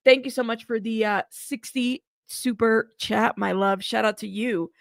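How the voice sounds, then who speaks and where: A woman's voice: fairly high pitch, steady tone, a little slow, creaky, no echo, clean studio sound. Chatty woman greeting livestream viewers. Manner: chatty, greets viewers by name, laughs often. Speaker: livestream news host. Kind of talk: casual live chat reading comments.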